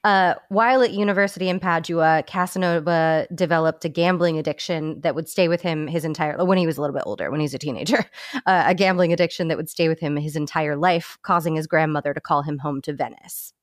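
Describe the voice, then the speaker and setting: A woman's voice: low-pitched, quick pace, dry recording, clean studio sound. A woman hosting a podcast, reading a story aloud from notes with comic asides, sometimes stumbling and correcting herself. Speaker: podcast host.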